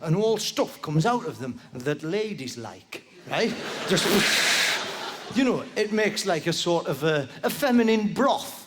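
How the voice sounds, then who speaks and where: A male stand-up comedian rambles through a story live on stage, animated and tagging nearly every line with "right?" His voice sits high and moves a little slowly. The recording is from a comedy venue with an audience, with a long reverb tail and background noise.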